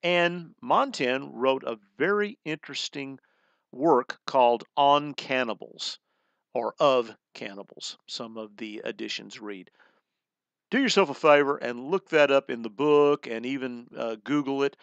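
Male instructor, middle-aged, mid-pitched, dry close recording, loose lecturing style with restarts. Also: unhurried, a bit bright, no echo, dull audio. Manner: conversational, explains terms, frequent restarts and "uh"s. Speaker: college humanities instructor.

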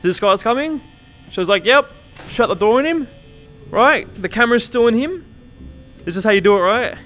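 A man's voice: extremely high pitch, animated, moderate pace, a bit bright, faint music behind. A young man streaming a game, joking and swearing as he yelps at frights, with a slightly cracky voice. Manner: jokey, swears and yelps when startled. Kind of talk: excitable gameplay commentary.

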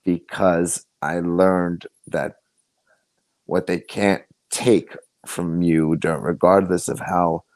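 Low-voiced man telling his story earnestly. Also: little pitch movement, a little mellow, no echo. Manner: earnest, halting, many restarts. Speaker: podcast guest. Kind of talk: personal storytelling in conversation.

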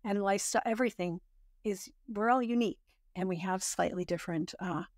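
A woman's voice: mid-range voice, brisk, a little mellow, dry recording, clean studio sound. A woman hosting a podcast interview, upbeat and affirming toward her guest. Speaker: podcast host.

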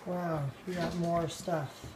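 A woman's voice: lowish voice, little pitch movement, takes it slowly, heavy background noise. Tired, blunt woman vlogging food. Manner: blunt, candid, talking with her mouth full. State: tired late at night. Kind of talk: casual food-tasting vlog. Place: home, indoors. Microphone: phone camera.

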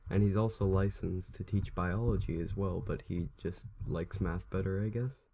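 A young man gives casual, rambling play-by-play commentary and talks straight to his viewers. His voice is low, dark and gravelly. A faint hiss and some keyboard clicking sit under the speech. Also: steady tone, moderate pace. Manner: chatty, rambling, talks to viewers while playing. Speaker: gameplay commentator.

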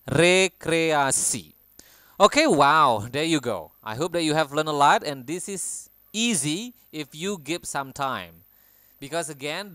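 Clear-voiced man teaching pronunciation. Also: a little high, a bit bright, no room sound, clean studio sound. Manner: repeats each word slowly and clearly, then explains. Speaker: language teacher. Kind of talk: pronunciation lesson.

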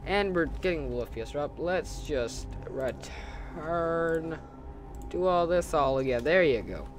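A man's voice: on the high side, lively intonation, measured pace, soft background music. Rambling young man commentating a game. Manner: rambling and self-correcting, humming and joking to himself. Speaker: gaming channel host. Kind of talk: casual let's-play commentary.

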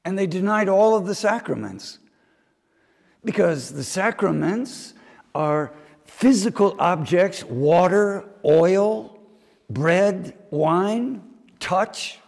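A man's voice: high-pitched, expressive, slow pace, vocal fry, darkish tone, in a large hall. A man preaching a homily, telling stories and slipping into mimicked voices now and then. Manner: storytelling preaching with mimicked asides. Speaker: priest. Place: chapel.

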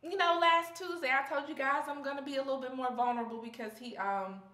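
A woman's voice: high voice, steady tone, fast, sharp tone, roomy sound. A young woman vlogging candidly about her faith, heartfelt and close to tears, in a casual, slangy way. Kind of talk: personal faith vlog.

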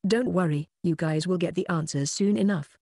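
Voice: mid-range voice, normal speed, gravelly, a little mellow, no echo. An audiobook narrator voicing a cocky young male wizard student, dry and wry.

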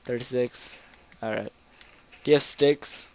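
A young man commentating a video game in a casual, rambling, goofy way, with sudden loud outbursts. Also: mid-range voice, fairly even intonation, a little slow. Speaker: gameplay commentator.

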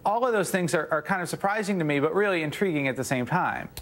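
A man's voice: fairly high pitch, lively intonation, fast, a bit bright. A man, a news site editor, answering interview questions with hedges and restarts. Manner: hedging, many restarts and "you know".

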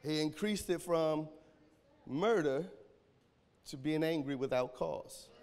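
Male pastor, high voice, AAVE, shouting sermon with a cracking voice, echoing church hall. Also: slow pace. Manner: preaching with call-and-response and sudden shouts.

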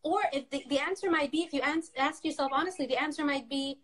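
A therapist appears as a guest on a casual live video stream, explaining things thoughtfully amid many fillers and restarts. Her voice sits high and a bit bright, and she talks fast with hardly any pauses.

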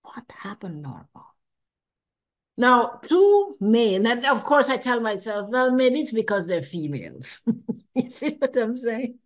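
An older woman speaking in a fairly high voice recounts a personal experience for an interviewer. She talks expressively, acts out what she thought at the time, and often repeats words as she searches for them. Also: sing-song, measured pace. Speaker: interview guest recounting a near-death experience. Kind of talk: animated personal storytelling.

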